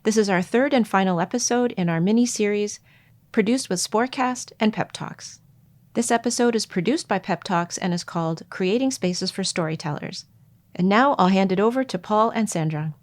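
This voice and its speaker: A woman host reads a brief scripted introduction in a brisk, plain manner. Her voice sits in the middle of the female range. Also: medium pitch. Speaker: podcast host.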